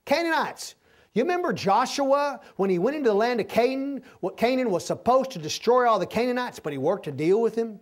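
A man preaches through a passage in a loose, conversational way, explaining as he goes. His voice sits high for a man. He keeps pausing to make sure his listeners are keeping up. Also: expressive. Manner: folksy, repeatedly checks in with the listeners. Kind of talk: conversational verse-by-verse sermon.

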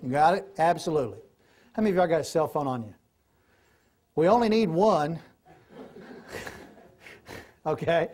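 A man's voice: on the high side, animated, normal speed, pauses often, a little mellow. Folksy middle-aged male Bible teacher, conversational, recorded in class. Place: classroom or church hall.

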